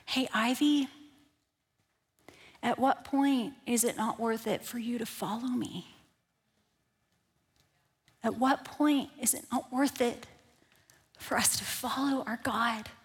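A woman doing a soft, kind divine voice. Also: a little high, fairly even intonation, takes it slowly, long pauses, slightly rough, big-room sound, heavily acted. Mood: tender. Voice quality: soft and hushed. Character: gentle loving divine voice, calm and kind.

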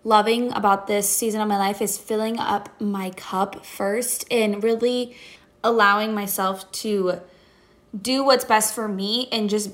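A young woman talking casually about faith and patience, animated and full of filler words. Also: medium pitch, measured pace. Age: young adult. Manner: chatty, animated storytelling, heavy "like" fillers. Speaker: podcast guest.

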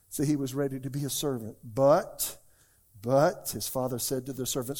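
A male pastor preaching a sermon in church to a live congregation, swinging between loud, emphatic exclamations and hushed, near-whispered asides. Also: mid-range voice, fairly even intonation, moderate pace.

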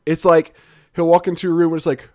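A man's voice: a little high, level tone, quick pace, mellow. A man hosting a casual chat, rambling and swearing freely with many restarts. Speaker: podcast host.

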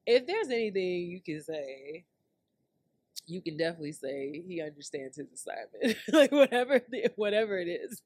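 A woman's voice: fairly low pitch, dry recording. Woman doing a solo podcast rant, slangy AAVE, laughs a lot, dry close mic. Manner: chatty, laughs often, slangy and animated. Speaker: podcast host.

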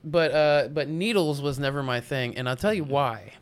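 A man's voice: fairly high pitch, moderate pace, smooth. A man in his forties from Arkansas, a musician guest talking loosely in a casual chat, swearing now and then and restarting his sentences. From Arkansas, USA. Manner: loose and chatty, swears, stumbles over restarts.

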